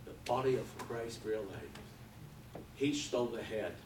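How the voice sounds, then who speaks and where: A man preaching a sermon with fervor, swinging from quiet talk to loud passages. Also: medium pitch, fairly even intonation, unhurried. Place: church hall. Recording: echoey hall from far off with background noise.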